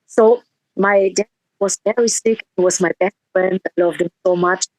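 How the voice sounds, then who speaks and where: A woman's voice: mid-range voice, fairly even intonation, moderate pace, darkish tone, no room sound, rough recording. A woman musician in a casual interview, telling a heartfelt story with quoted dialogue and frequent restarts.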